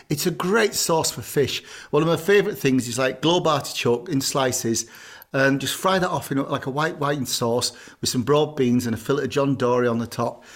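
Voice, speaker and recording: A man, co-hosting a podcast in casual chat, blunt and jokey with casual swearing. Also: a little high. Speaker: podcast co-host, chef.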